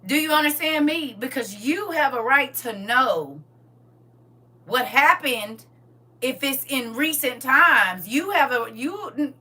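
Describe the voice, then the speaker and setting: A woman's voice: high-pitched, expressive, slow pace, sharp tone. A middle-aged woman on a podcast, blunt, sassy and emphatic, giving frank relationship opinions in casual chat.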